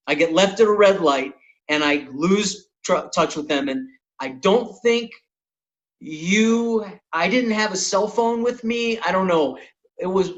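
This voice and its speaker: Animated, swearing male comedian telling stories. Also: high voice, lo-fi sound. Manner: animated, swearing anecdote teller. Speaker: podcast host and comedian. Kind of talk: casual storytelling chat.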